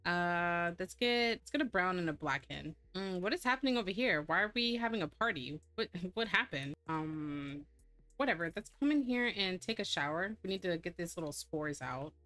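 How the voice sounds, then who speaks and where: A woman's voice: fairly low pitch, fairly bright tone, dry recording. A woman giving casual let's-play commentary, chatty and laughing often as she bosses her game characters around. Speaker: gameplay streamer.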